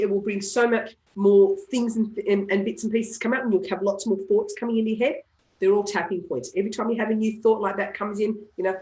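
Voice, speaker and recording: A woman who coaches emotional tapping, leading a guided session on a live call and repeating calm affirmations for listeners to say. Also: mid-range voice. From Australia. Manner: calm, repetitive affirmations, coughs now and then. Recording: roomy echo on a live call.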